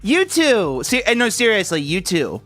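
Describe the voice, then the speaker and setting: A man putting on a high, squealing voice as an overjoyed, gushing fan. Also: huge pitch swings, normal speed, fairly bright tone, soft background music, heavily acted. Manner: squealing, breathless gratitude.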